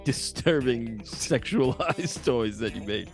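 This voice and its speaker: A man's voice: mid-range voice, animated, takes it slowly, creaky, faint music behind. A man co-hosting a podcast, chatting casually with crude jokes, swearing and laughter. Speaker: podcast co-host. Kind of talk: casual chat.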